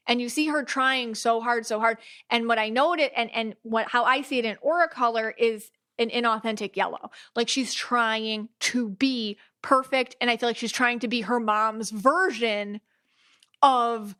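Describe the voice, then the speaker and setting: Bright, chatty woman podcast host. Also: on the high side. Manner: chatty and animated, with many restarts and quoted asides. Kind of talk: casual chat.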